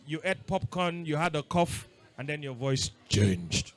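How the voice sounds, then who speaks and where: High-voiced man quizzing kids. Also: very animated. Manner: playful, quizzing the audience with quick questions. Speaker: workshop leader talking to boys. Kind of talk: interactive talk with children.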